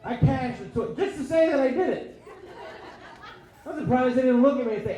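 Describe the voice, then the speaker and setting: A man doing stand-up comedy, with a profane rant style and shouted bursts, acting out dialogue. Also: very high-pitched, lively intonation, normal speed. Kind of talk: stand-up set. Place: comedy club stage. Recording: echoey club with crowd laughter. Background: audience laughing.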